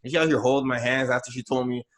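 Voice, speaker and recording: A young man hosting a casual podcast in a mid-range voice, relaxed and slangy as he talks. His stories are full of "you know" fillers. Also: mid-range voice, very fast. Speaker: podcast host. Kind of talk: casual chat.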